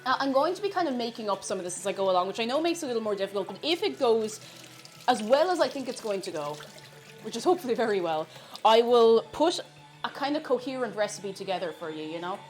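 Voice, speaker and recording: A woman's voice: on the high side, very animated, fast talker, soft background music. A young Irish woman chatting casually on a live cooking stream, reading out and answering viewers' messages. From Ireland. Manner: chatty, reads out chat messages.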